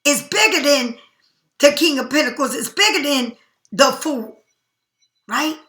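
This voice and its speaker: A woman giving a casual, chatty tarot reading in an animated, slangy way. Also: high voice, a little slow, echoey room. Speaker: tarot reader.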